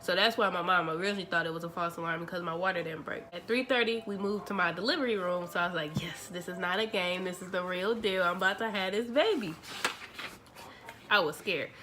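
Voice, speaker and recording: A young woman, telling a story to her vlog audience in a chatty, animated way, acting out the dialogue. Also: fairly low pitch. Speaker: vlogger. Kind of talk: casual storytelling.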